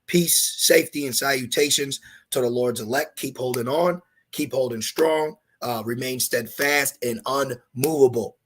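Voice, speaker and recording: A man's voice: mid-range voice, measured pace. A man giving an emphatic scripture lesson as a religious teacher, mixing preaching with street slang.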